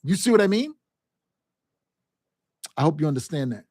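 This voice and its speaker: A male sales coach with a fairly high voice drives his points home, repeating himself and checking in with his listeners. He talks in loose, casual vernacular. The sound is dry and close, with no room echo. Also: big pitch swings, normal speed, a little mellow. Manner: emphatic, repetitive, direct address with frequent "right?" and "okay?"; acts out quoted phone calls and family scenes in livelier voices. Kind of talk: motivational sales lesson.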